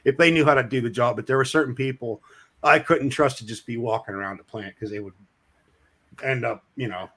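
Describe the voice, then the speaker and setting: A man telling a crude work story in casual chat, acting out the shouting of his coworkers. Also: mid-range voice, brisk. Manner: animated, acts out shouting coworkers.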